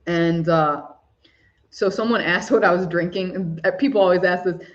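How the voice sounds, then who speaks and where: A woman hosting a live spiritual talk for chat viewers, soft-spoken and gushing, often breaking into laughs. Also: lowish voice, moderate pace, lo-fi sound. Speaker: spiritual livestream host.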